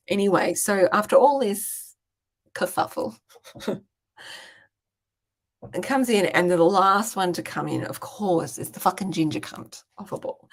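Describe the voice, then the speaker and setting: An Australian woman from regional Queensland, with a gravelly, medium-pitched voice, hosts a casual live Q&A as a business coach. She tells stories in a chatty way and swears casually.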